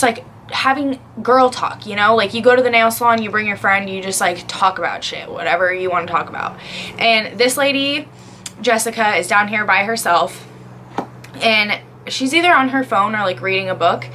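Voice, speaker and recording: A young woman vlogger telling a storytime in a chatty, animated way, with lots of "like". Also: medium pitch, slight background noise. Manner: chatty, heavy use of "like", animated retelling. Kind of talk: casual storytime.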